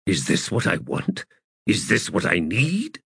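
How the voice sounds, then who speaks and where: A man voicing a grim, cold undead male warrior lord who speaks gravely and solemnly, in an audiobook. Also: lowish voice, huge pitch swings, measured pace, a bit bright, no room sound, studio quality, full character voice.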